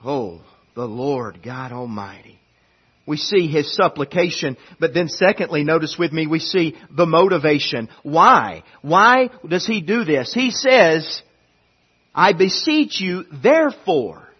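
A male pastor preaching a sermon, swinging from loud pleading to hushed intensity and often repeating and restarting his phrases. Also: a little high, very animated, a little slow, husky, lo-fi sound.

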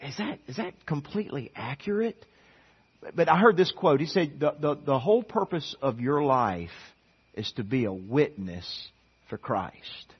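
High, husky-voiced preacher on a dull recording. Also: male voice. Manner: preaching with swings between loud emphatic lines and quiet near-murmured passages. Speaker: pastor. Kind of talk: sermon.

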